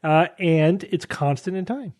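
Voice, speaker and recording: Brief: male podcast host, a bit higher voice, reads quiz items crisply. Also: darkish tone. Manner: clear, brisk reading of items. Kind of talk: hosting a quiz segment.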